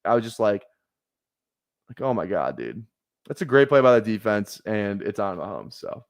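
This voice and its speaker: A man with a lowish voice rants heatedly at his chat while streaming a fantasy football draft, swearing a lot and repeating himself. He talks at normal speed, and the studio sound is clean with no echo.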